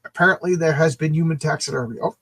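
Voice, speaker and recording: An excitable man recaps a comic book in casual chat, often restarting his sentences with a stammer. His voice is husky and sits slightly high. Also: fast talker. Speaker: comic book podcast co-host.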